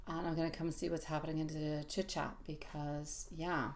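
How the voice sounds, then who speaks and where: A woman's voice: low voice, level tone, normal speed, few pauses. A woman giving a live-stream tarot reading, calling viewers sweetie in an affectionate, reassuring way. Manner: affectionate, calls listeners sweetie; soothing, reassuring advice. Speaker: tarot reader.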